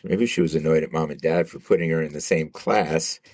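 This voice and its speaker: A man's voice: rumbling low, a little fast, a little mellow, dry recording. A man speaking as a guest expert on a podcast, giving thoughtful answers that he often restarts with "uh" and "you know". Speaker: guest expert, sibling researcher. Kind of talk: interview answers.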